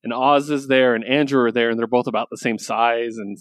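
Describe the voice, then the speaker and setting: A man's voice: medium pitch, fairly even intonation, a little fast, no echo. A man co-hosting a comics podcast in casual chat, loose and rambling, enthusiastic and swearing casually. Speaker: podcast co-host reviewing comics.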